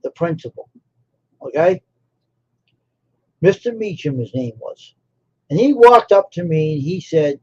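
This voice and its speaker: A man's voice: a little high, lively intonation, measured pace, long pauses, dark tone, husky. A man hosting a live stream, telling a personal story in a casual, rambling way and repeating phrases for emphasis. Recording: dull lo-fi stream audio.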